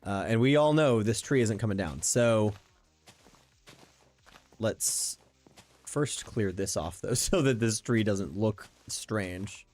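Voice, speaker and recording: A man's voice: fairly low pitch, slow pace, long pauses, a little mellow. A man streaming a survival game, talking casually and thinking aloud as he plays, often restarting his sentences. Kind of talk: casual gameplay commentary. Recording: faint background game music.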